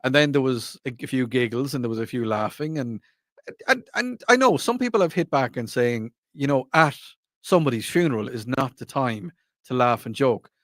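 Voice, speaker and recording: A man's voice: medium pitch, lively intonation, moderate pace, dry recording. An Irish man hosting a radio talk show, chatting in a rambling, jokey, self-mocking way into a studio microphone. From Ireland. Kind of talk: casual radio chat.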